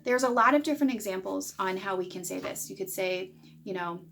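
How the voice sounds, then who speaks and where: Woman, 30s, parenting educator, plain explanatory delivery, mid pitch. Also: fairly quick, vocal fry, fairly bright tone, slight background noise. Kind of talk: direct-to-camera parenting lesson.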